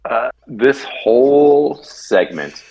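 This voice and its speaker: A man's voice: medium pitch, very animated, extremely slow, dark tone, low-quality recording. A man co-hosting a casual podcast chat, talking in a wry, hesitant way with many fillers. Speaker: podcast co-host.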